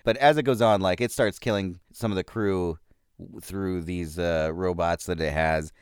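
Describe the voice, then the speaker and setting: Male podcast host, low smooth voice, casual rambling review style. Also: steady tone, normal speed, dry recording, studio quality. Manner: rambling, loose, with fillers and chuckles. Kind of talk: casual movie review monologue.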